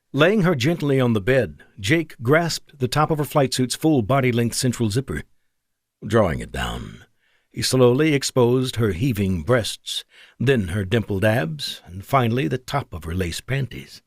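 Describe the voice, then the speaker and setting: Brief: male narrator, mid pitch, lively intonation, measured scripted read, dry booth. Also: no room sound. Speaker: audiobook narrator.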